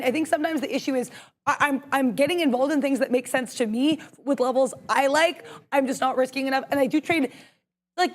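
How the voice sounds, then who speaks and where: A young woman co-hosting a live trading stream, emphatic and excitable, thinking out loud as she makes trades. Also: high voice. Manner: emphatic, excitable, talks to herself aloud. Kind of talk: energetic live market commentary.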